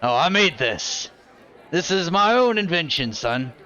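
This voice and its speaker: A man's voice: a little high, very animated, measured pace, pushed and bright, muffled recording, heavily acted. A man voicing a proud older male gunsmith and ex-adventurer who shows off his own invention and calls people son. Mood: boastful.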